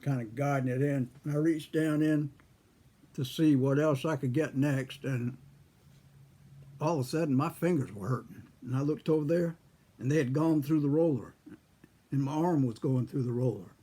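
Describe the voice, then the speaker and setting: An older man telling a folksy childhood story, husky with a frog in his throat, chuckling often. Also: a little high, moderate pace, dark tone. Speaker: pipe-smoking storyteller. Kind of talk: casual storytelling.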